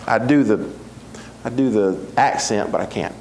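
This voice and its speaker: A man's voice: lowish voice, normal speed, vocal fry, a little mellow, roomy sound. A pastor in his forties preaching a sermon, earnest and emphatic, repeating key phrases for weight.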